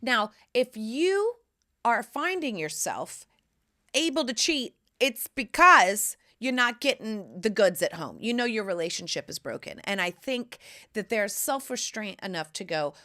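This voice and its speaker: A woman hosting a podcast, telling candid, profane stories in a brash, animated way. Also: on the high side, unhurried. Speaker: podcast host. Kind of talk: candid storytelling monologue.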